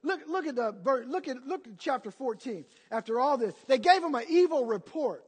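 A man's voice: very high voice, animated, moderate pace, slightly rough, long reverb tail. A man preaching a sermon as pastor, emphatic and calling out to the congregation for answers. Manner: emphatic, call-and-response preaching.

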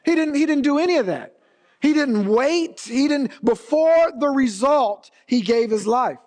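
A man's voice: extremely high pitch, animated, measured pace, darkish tone. A man preaching a sermon as pastor, emphatic and repeating his key phrases for weight. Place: church sanctuary. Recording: long reverb of a large hall.

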